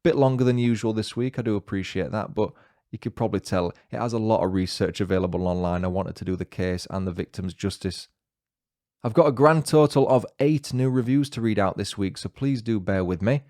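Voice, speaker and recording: A man with a northern English accent hosting a podcast, narrating in a measured, scripted way with dry, wry asides. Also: fairly low pitch, darkish tone, dry recording. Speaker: podcast host. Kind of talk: scripted true-crime narration.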